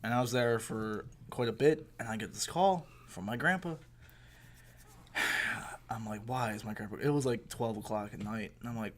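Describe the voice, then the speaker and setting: A young man co-hosting a podcast, telling a story in a casual, animated way, swearing and laughing as he goes. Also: mid-range voice, normal speed. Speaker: podcast co-host. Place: indoor recording room.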